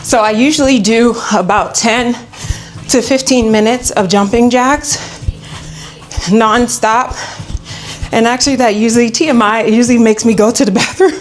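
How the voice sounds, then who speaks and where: A woman's voice: fairly high pitch, normal speed, faint music behind. A woman talking casually to camera while she trains, chatty, and at times out of breath from moving. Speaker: vlogger. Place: home pole studio room.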